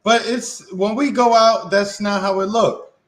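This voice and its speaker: A man's voice: high-pitched, steady tone, a little slow, a bit bright. A man co-hosting a podcast, chatting in a laid-back, slangy way. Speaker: podcast co-host. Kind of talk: casual chat.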